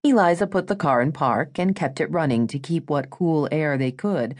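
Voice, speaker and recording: A woman narrating a romance audiobook in a smooth, measured storytelling manner. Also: low voice, a little mellow.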